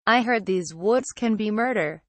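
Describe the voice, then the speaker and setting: A woman voicing a cruel, sneering middle-aged male cop who taunts slowly and menacingly. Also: medium pitch, dry recording, close to an everyday voice. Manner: slow, mocking, menacing.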